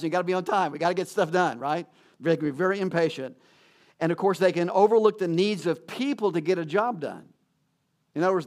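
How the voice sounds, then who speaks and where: A man with a fairly high voice preaching a sermon. He talks to the congregation in a chatty, informal way, with self-deprecating jokes and frequent restarts. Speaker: pastor.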